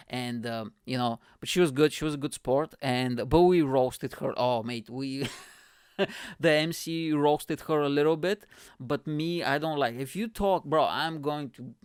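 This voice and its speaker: A male comedian and podcast host telling stories in a casual, animated monologue, swearing often and filling his talk with "like" and "you know". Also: mid-range voice, normal speed, smooth, no room sound, studio quality. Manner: animated, swearing, heavy with fillers.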